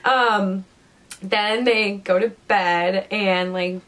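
A woman's voice: mid-range voice, fairly even intonation, extremely slow, fairly bright tone. A young woman co-hosting a podcast, casually recapping a book plot with lots of "like" and "um". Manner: chatty, heavy use of "like" and "um". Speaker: podcast co-host.

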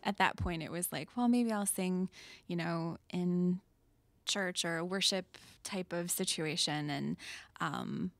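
A woman's voice: on the low side, fairly even intonation, unhurried, a bit bright, dry recording. A young adult woman, a singer-songwriter guest, chatting casually in a studio interview and laughing often. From Metro Detroit. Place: radio studio.

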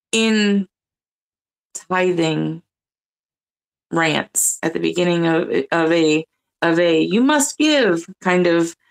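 In a rough-sounding clip, a woman with a mid-range voice speaks as a panelist about her own faith journey. The chat is casual, and she comes across as earnest and searching, restarting sentences many times.

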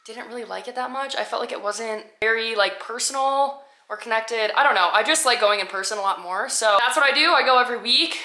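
A woman's voice: fairly high pitch, brisk, hardly any pauses, bright, forceful tone, dry recording, low-quality recording. A young woman vlogging casually to camera after a workout, upbeat and chatty, saying "super" and "like" a lot. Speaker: fitness vlogger. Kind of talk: casual vlog talk to camera. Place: outside a gym and at home.

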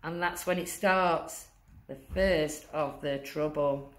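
A woman reading a rhyming picture book aloud to children, rhythmic and deliberate, dropping low on the sound-effect words. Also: steady tone. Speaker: masked guest reader.

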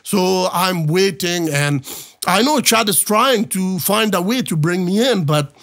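Halting man, fairly high voice. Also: expressive, a bit bright. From Afghanistan. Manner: halting, many fillers and restarts, earnest storytelling. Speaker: guest. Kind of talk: personal testimony in a podcast interview.

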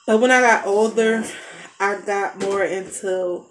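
An American family vlogger and mother in her thirties tells a rambling story in casual chat from her noisy home basement, breaking off to talk to her kids. Her mid-range voice is steady and a little slow.

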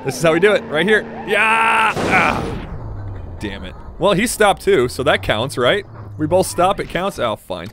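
A man's voice: a little high, sing-song, moderate pace, background noise. A young man giving casual, joking commentary while playing a driving game, rambling and talking to the characters on screen. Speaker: gaming YouTuber.

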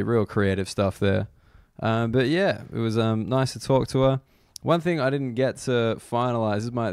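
A man's voice: lowish voice, a little mellow, clean tone, no echo, clean studio sound. A young Australian man hosting a comedy podcast, chatting casually with jokey, rambling asides. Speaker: podcast host. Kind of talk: casual chat.

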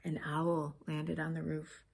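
A woman reading a children's picture book aloud, expressive and pointing out the pictures. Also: low voice, unhurried, creaky, slightly rough. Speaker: storybook reader.

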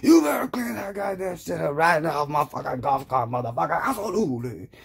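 A rich, bossy man barks demands in a rough, gravelly voice, as a man puts him on. The tone is gruff, husky and commanding. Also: medium pitch, fairly even intonation, fast, warm tone. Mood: angry. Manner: barking, demanding.

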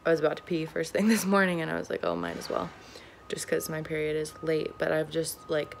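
A woman's voice: low voice, fairly quick, gravelly, a little hiss or hum. A young woman filming a personal vlog at home, talking shakily with sighs and nervous laughs. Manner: shaky and emotional, trailing off with sighs and nervous laughs. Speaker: vlogger.

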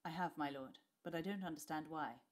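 Woman doing a calm father, quiet, steady, principled. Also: deep voice, fairly quick.

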